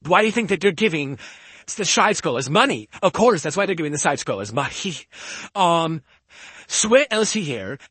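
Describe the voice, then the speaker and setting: A man reads out viewer donations on a live stream. His voice runs through a voice changer and comes out a little high, very bright and husky. He rambles on and defends himself at length. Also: sing-song, normal speed, no echo. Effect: voice changer altering his voice.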